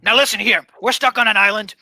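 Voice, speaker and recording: A man's voice: sits high, fairly even intonation, fast, creaky, sharp tone, dry recording, full character voice, low-quality recording. A man playing a scheming, disgraced former president in a comedy sketch, rambling and stammering.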